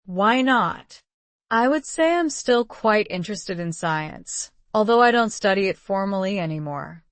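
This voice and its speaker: A woman reading out model exam answers in an even, polished, measured way. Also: medium pitch, no room sound. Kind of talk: scripted reading of sample answers.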